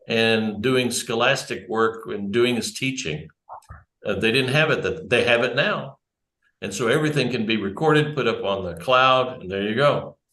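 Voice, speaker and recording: Here a man speaks in a medium-pitched, fairly bright voice, giving a loose, conversational church talk that digresses and self-corrects. It takes place before a small audience in a church room, with roomy echo on the recording.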